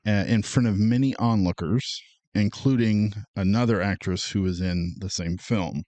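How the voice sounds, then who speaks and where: Low-voiced man reading podcast notes. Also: darkish tone, no echo. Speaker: podcast co-host. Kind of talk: casual chat.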